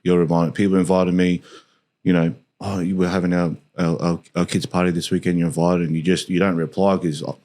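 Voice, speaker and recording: A man's voice: sits low, flat delivery, fairly quick, dark tone. An Australian man hosting a podcast, talking in a rambling, casual way and chatting with his guest. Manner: rambling, lots of "you know" fillers. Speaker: podcast host. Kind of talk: casual interview chat.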